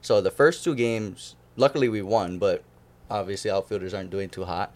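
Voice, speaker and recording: A man's voice: lowish voice, brisk. A young man from Hawaii telling stories as a podcast guest in casual chat, acting out the voices of the people he quotes. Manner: animated, acts out quoted voices.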